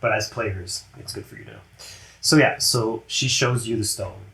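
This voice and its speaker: Man, game master, chatty, laughs a lot, low voice, roomy echo. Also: moderate pace, creaky, sharp tone. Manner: chatty, laughs often, slips into character voices. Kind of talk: narrating a tabletop game.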